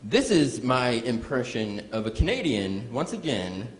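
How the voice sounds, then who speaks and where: A man performing a stand-up comedy set on stage, telling stories with lively asides to the audience. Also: mid-range voice, measured pace, noisy background. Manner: animated storytelling, audience asides. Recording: roomy live venue sound.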